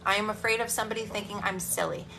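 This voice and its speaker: A woman business coach giving a live motivational talk and sales pitch, speaking directly with energetic tough-love encouragement. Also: very fast, gravelly, slight background noise.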